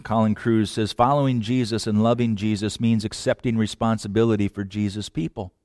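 A man preaching a sermon with passion, dropping to hushed lines and then rising loud. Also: on the low side, fairly even intonation, brisk, dry recording, studio quality. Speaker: pastor.

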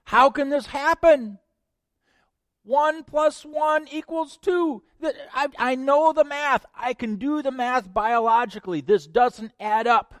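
A high, strained young woman's voice, as a preacher puts her on, pleading and insistent in disbelief. the voice climbs sharply and pushes hard. it sounds dry and close, with no room around it. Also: slow, fairly bright tone, no room sound, heavily acted. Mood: incredulous.

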